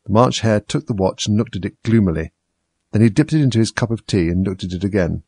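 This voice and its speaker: A man narrating a classic storybook in an even, measured reading. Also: on the low side, creaky, husky, no room sound.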